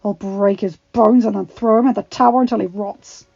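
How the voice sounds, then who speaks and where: A woman's voice: on the low side, flat delivery, normal speed, mellow, close to an everyday voice. A woman voicing a fierce, protective male beast prince who growls and snarls his words, in a storybook reading. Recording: slightly dull, faint background music.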